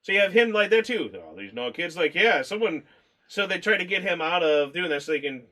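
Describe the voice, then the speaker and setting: A man's voice: high-pitched, brisk, bright, forceful tone. A man co-hosting a casual movie review chat, rambling, swearing freely and laughing as he talks.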